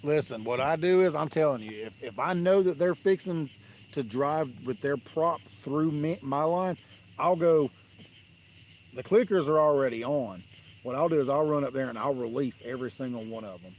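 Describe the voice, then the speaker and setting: A man's voice: a little high, moderate pace, a little mellow, slight background noise. Blunt man ranting outdoors. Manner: blunt, rambling, dismissive. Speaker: fishing livestream host. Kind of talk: casual live-stream rant.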